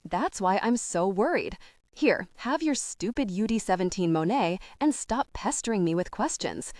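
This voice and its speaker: A woman voicing a deep-voiced fretful British mother. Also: animated, normal speed, darkish tone, dry recording, studio quality, recorded from a distance, close to an everyday voice. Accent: British with a hint of South Asian. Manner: exasperated, scolding. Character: middle-aged mother, brisk, fretful, sharp-tongued.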